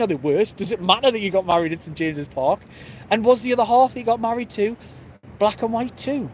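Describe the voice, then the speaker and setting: A man with a Geordie accent chats through a live stream outside after a match, slightly high-pitched and easygoing. He laughs a lot and reads out viewer comments, and there is faint city noise behind him. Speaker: football channel host reading live comments. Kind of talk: casual live-stream chat.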